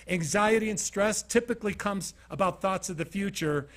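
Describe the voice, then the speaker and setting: A man from Utah giving an informal motivational talk to a small studio audience. He tells stories with energy and keeps asking the listeners direct questions. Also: sits high. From Utah, USA. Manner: animated storyteller, asks the audience direct questions. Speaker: motivational keynote speaker.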